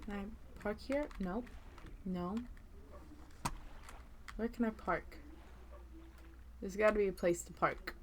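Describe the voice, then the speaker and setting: A woman streaming a video game, gasping and squealing with excitement, and murmuring quickly when she reads the game's text aloud. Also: medium pitch, noisy background. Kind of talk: gaming livestream chat and reading game text aloud.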